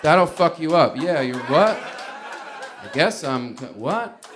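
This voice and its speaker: A man's voice: on the high side, sing-song, takes it slowly, a crowd in the background, background noise. A man doing a stand-up comedy set in a rambling, conversational way, often laughing at his own bits. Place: comedy club stage before a live audience.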